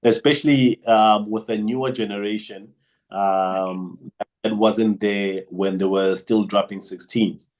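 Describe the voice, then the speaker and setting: A man's voice: lowish voice, steady tone, measured pace, a little mellow, low-quality recording. A man co-hosting a music podcast, talking casually and hesitantly with frequent restarts. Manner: hesitant, many restarts and fillers. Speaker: podcast co-host. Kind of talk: casual chat.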